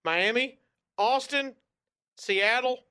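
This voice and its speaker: A man's voice: very high-pitched, slow, pushed and bright, smooth. A man co-hosting a radio show, chatting casually and joking around, often breaking into silly voices. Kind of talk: casual comedic chat.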